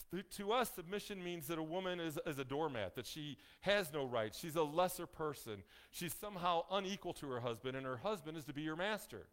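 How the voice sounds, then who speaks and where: Higher-voiced folksy male preacher. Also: fairly bright tone. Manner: folksy, joking asides to the congregation; emphatic, slows down on key phrases. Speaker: pastor. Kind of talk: sermon.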